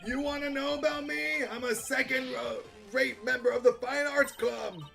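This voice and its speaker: A man voicing a loud, hyper-energetic young male student who boasts about being manly, shouting his lines while reading game dialogue. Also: very high voice, normal speed, gravelly, soft background music, voice pushed up, full character voice. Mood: boisterous. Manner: shouting, boastful, over-the-top enthusiasm.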